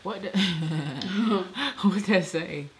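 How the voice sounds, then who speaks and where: A woman's voice: fairly low pitch, extremely slow, a little hiss or hum. A woman hosting a mukbang, chatting casually and slangily while she eats. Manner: slangy, laid-back. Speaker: mukbang host. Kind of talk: casual chat while eating.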